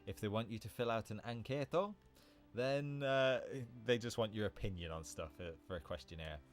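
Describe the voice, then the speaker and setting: A man's voice: on the low side, moderate pace, faint music behind. A man hosting a casual livestream, explaining English vocabulary in a chatty way, often correcting himself and laughing at his own slips.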